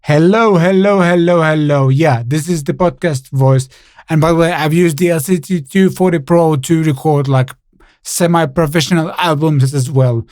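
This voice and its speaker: Playful man in a high voice. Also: steady tone, moderate pace, darkish tone, no room sound, studio quality. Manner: playful, rambling, self-mocking. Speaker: gear reviewer. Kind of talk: casual product demo chat. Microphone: studio condenser mic.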